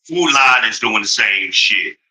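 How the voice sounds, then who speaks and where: Exasperated man ranting, slow bright voice. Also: on the low side, lively intonation, rough recording. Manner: exasperated, swears freely, mocks with rising outbursts. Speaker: vlogger venting to viewers. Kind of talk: heated ranting storytelling.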